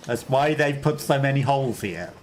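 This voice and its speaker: A man's voice: mid-range voice, expressive, moderate pace, slight background noise. A man casually chatting on a game livestream, rambling and chuckling often between remarks. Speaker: game streamer.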